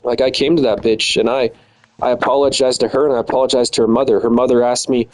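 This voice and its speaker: A man's voice: medium pitch, level tone, fast talker, a little mellow, poor audio. Young guy in his 20s, angry profane rant, bitter and heated. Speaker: streamer.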